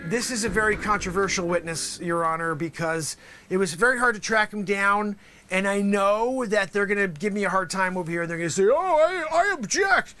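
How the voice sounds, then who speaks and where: A man hosting an improv comedy show, hamming it up as a lawyer in a mock courtroom, swinging from loud calls to near whispers. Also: high-pitched, a little fast, faint music behind. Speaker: host. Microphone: video call.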